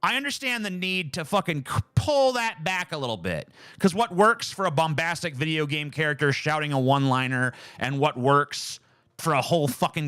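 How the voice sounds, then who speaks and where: A man's voice: a little high, clean tone, no echo, clean studio sound. A man streaming live from home, chatting casually and ranting with lots of swearing. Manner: animated, profane, ranting.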